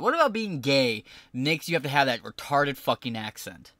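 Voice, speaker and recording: A man's voice: medium pitch, very animated, normal speed, few pauses, sharp tone, no echo. A man streaming an angry, profane live reaction to news footage.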